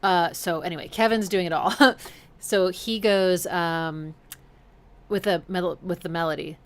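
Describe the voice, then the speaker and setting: A woman's voice: on the low side, steady tone, unhurried, a little hiss or hum. A woman hosting a music livestream, analyzing songs in an enthusiastic, chatty way and scatting rhythms aloud. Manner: chatty with frequent fillers. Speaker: music reaction streamer.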